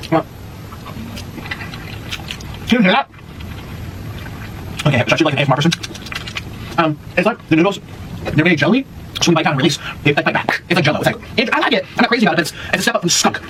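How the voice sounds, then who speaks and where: A man vlogging as he tastes food, chatting casually in an animated, dramatic, jokey way. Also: fairly high pitch. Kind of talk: casual food tasting chat. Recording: distant mic with clear background noise.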